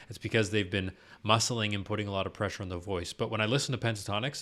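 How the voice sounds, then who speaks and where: A man's voice: lowish voice, fairly bright tone. Man vocal coach explaining singing technique. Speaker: vocal coach reacting to a performance. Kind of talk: casual reaction commentary.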